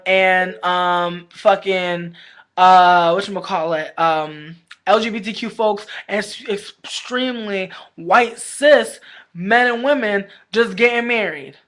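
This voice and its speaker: A woman's voice: mid-range voice, fairly bright tone. A woman vlogger in casual livestream chat, talking candidly with lots of slang, swearing and rambling fillers. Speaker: vlogger reviewing a reality show.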